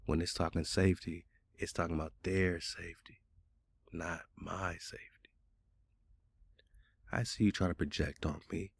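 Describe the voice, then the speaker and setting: Deep gravelly man, casual and argumentative. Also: fairly even intonation, moderate pace, pauses often. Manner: argumentative, colloquial, talks back at a chatbot. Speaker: radio show host. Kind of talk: casual radio talk.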